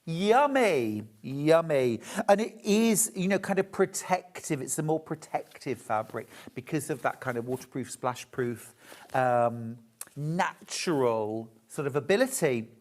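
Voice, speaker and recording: A woman's voice: deep voice, expressive, unhurried, a little mellow. Gushing British woman selling fabric live. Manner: chatty and gushing, talking to viewers. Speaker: shopping channel presenter. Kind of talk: live sales demonstration.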